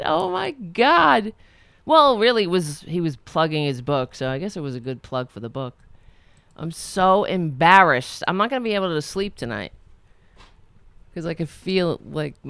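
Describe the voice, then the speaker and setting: A woman's voice: sits low, vocal fry, a bit bright, clean tone, dry recording. A middle-aged woman hosting a show, rambling, swearing and mocking herself in a casual chat. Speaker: podcast host. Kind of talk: casual self-deprecating chat after an interview.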